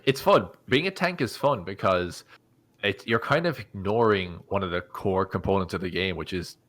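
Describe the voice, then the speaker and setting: A man's voice: sits low, animated, normal speed, a bit bright. A man co-hosting a casual podcast about tabletop games, explaining rules with enthusiasm. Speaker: podcast co-host.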